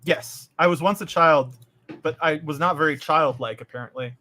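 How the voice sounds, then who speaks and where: A man's voice: a little high, normal speed, bright, forceful tone. A Canadian man chatting casually and wryly while streaming a game. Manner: bantering, wry, rambling. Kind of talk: casual gaming chat.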